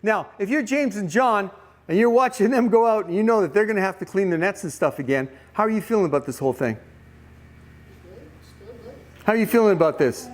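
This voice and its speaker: Animated man preaching at a youth camp. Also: high voice, fairly quick, long pauses. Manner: animated storytelling, questions to the audience. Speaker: camp speaker.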